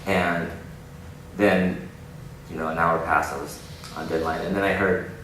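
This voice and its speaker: A man giving an inspirational keynote talk, telling stories in an animated way with frequent laughter. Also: deep voice, a little slow. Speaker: keynote speaker. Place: large conference hall. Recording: echoey hall, distant mic, noisy.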